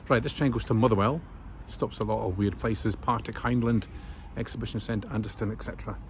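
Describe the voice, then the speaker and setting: A man's voice: on the low side, fairly even intonation, normal speed. Scottish man vlogging on rainy streets. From Scotland. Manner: chatty, rambling with frequent fillers. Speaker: travel vlogger. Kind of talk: casual walking vlog narration. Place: outdoors in town streets and station, rainy. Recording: outdoor vlog with clear street noise.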